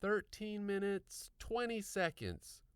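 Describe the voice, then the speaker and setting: A man voicing an anxious young girl in a soft, raised pitch for an audiobook. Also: lively intonation, slow, smooth, no room sound, clean studio sound.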